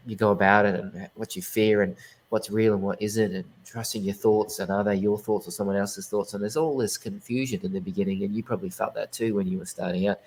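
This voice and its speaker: A man with a fairly low voice tells his story as an interview guest. He talks earnestly and rambles, often restarting his sentences mid-thought. It sounds like relaxed, casual conversation. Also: poor audio. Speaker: guest psychic medium.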